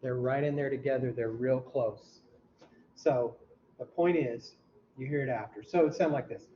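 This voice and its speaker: A man teaching a class, quizzing students and mimicking heart sounds out loud, heard in a dull, lo-fi classroom recording. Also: medium pitch, moderate pace. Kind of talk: classroom lecture. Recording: dull lo-fi recording with faint hum.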